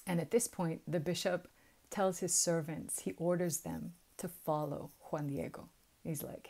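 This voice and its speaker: A woman with a Southern US accent casually retelling a sacred story, chatty and quick to laugh at her own jokes. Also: on the low side, fairly even intonation, mellow. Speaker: spiritual storyteller.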